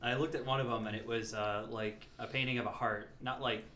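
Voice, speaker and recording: A man's voice: medium pitch, fairly even intonation, a little fast, echoey room, a crowd in the background. A man co-hosting a podcast, telling a rambling story in casual chat and laughing often. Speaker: podcast co-host.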